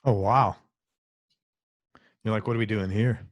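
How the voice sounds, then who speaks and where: A man's voice: on the low side, steady tone, measured pace, dry recording. Man host reacting briefly. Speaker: interview host. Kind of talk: casual interview chat.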